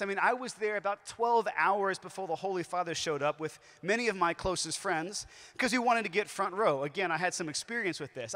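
A man giving a talk at a youth conference, telling stories in a lively way with shifting emphasis. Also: sits high. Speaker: conference speaker. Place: large conference hall. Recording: echoey hall with long reverb.

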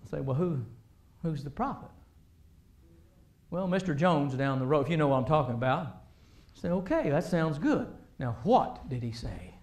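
In an echoey church sanctuary, a male preacher delivers a sermon in a high-pitched voice at a fairly quick pace. He is animated, pressing points hard with loud emphasis, then dropping into quiet asides.

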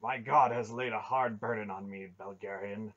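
A man voicing a devout, austere male cave-dweller who speaks quietly and tersely, on a dull lo-fi recording. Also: fairly low pitch, steady tone, normal speed.

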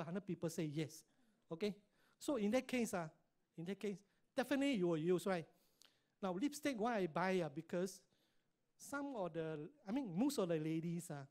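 A man's voice: high-pitched, a little mellow. A middle-aged man with a Singaporean English accent gives a motivational talk at a business meeting, pressing the audience with constant checks for agreement. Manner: emphatic, keeps asking the audience "right?" and "correct or not?".

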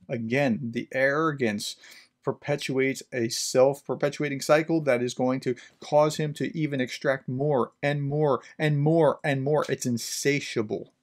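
A man's voice: medium pitch, fairly even intonation, measured pace. A man, a management professor hosting a podcast, who reads a children's book and adds conversational, explanatory comments with fillers.

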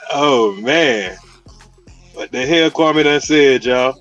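A man's voice: mid-range voice, fairly bright tone, dull audio. A man hosting a livestream, chatting casually with his viewers while fixing a dropped stream. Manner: laid-back, talks to chat. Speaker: livestream host.

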